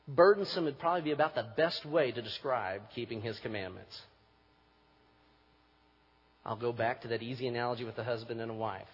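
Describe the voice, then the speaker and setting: A man preaching a sermon as pastor, moving from quiet reflection to forceful emphasis. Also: medium pitch, slightly rough. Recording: muffled recording with long hall reverb.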